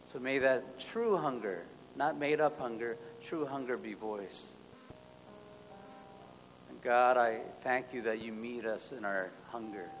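A male pastor leading an earnest spoken prayer, moving between hushed and loud passages. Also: medium pitch, unhurried. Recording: long hall reverb, soft music.

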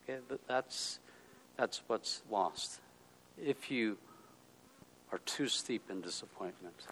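A man preaching a sermon in a conversational way, often checking in with "okay?" and acting out the voices of people he quotes, swinging between quiet and loud. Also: on the low side, slow pace, slight background noise, low-quality recording. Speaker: pastor.

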